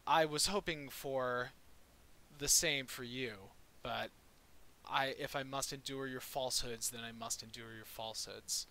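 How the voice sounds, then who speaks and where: A man voicing a stern, authoritative male ship captain who speaks gravely and slowly in a tabletop game. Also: medium pitch, steady tone, bright, forceful tone, poor audio.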